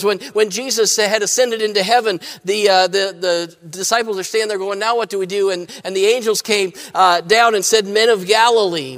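A man with a fairly high voice delivers a sermon from the pulpit. He speaks plainly, and he often restarts his phrases with fillers. His words trail off into the long reverb of a church. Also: fairly bright tone. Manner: plain-spoken, frequent fillers and repeated starts. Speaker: pastor. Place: church sanctuary.

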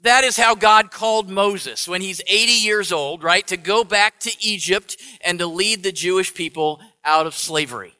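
A man's voice: sits high, moderate pace, few pauses, bright, forceful tone. A pastor telling a story to his congregation in a playful way, with laughing asides, in an echoey church hall. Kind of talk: storytelling sermon. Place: church sanctuary.

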